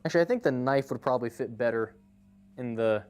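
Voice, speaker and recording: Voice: mid-range voice, quick pace, darkish tone, clean tone. Chatty live game streamer. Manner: chatty, greets chat viewers by name, laughs easily. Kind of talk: casual live-stream chat.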